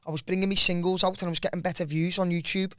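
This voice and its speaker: Scouse fella, pretty high voice, dry close mic, chatting loose and sweary, "lad" every other line. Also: male voice, flat delivery, very fast, bright, forceful tone, clean tone, dry recording. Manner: loose, sweary, peppers talk with "lad" and "you know what I mean". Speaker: musician and comedian guest. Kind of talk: casual podcast chat.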